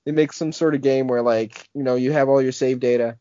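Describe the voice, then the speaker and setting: A man's voice: mid-range voice, fairly even intonation, brisk, dark tone, no room sound. A young man co-hosting a podcast in casual chat, rambling with lots of filler words and restarts. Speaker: podcast co-host. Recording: dull lo-fi podcast audio.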